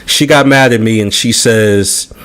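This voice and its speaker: A man telling a personal story in casual chat, animated and profane, often checking in with "right?". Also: mid-range voice, measured pace. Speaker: podcast panelist.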